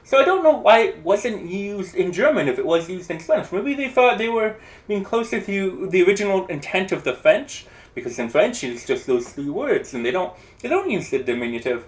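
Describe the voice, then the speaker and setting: Chatty language explainer, pitch jumps all over, thinks out loud and hedges a lot. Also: moderate pace. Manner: thinks aloud, hedges and restarts, animated. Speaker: language video creator. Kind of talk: casual educational explainer.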